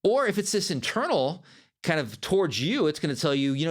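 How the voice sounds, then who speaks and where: A man hosting a podcast as a life coach, giving a motivational monologue in an animated, conversational way. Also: a little high, normal speed.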